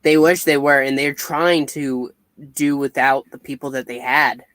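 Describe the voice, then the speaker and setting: A man co-hosting a casual comic review chat, recapping the plot in a measured way and correcting details. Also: mid-range voice, fairly even intonation, fairly bright tone, no room sound.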